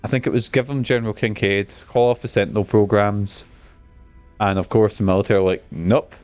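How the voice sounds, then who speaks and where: A man's voice: lowish voice, steady tone, brisk, darkish tone, clean tone, soft background music. A man chatting casually while streaming a game, enthusiastic and swearing freely. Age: adult. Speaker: gaming streamer. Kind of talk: casual gameplay commentary.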